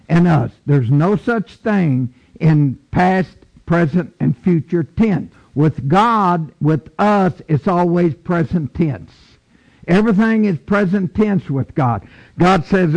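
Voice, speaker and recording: Slow gravelly-voiced preacher man. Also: expressive, a little mellow, highs cut off. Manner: slow, emphatic preaching with repetitions, booming when quoting scripture. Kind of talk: sermon.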